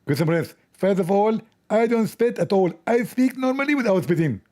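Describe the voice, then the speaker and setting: A man's voice: high voice, animated, moderate pace, warm tone, voice pushed up. A man doing a mocking impression of a pompous middle-aged male preacher who stammers and repeats himself. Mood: mock lecturing. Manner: mock-solemn, repeats himself. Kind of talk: parody impression.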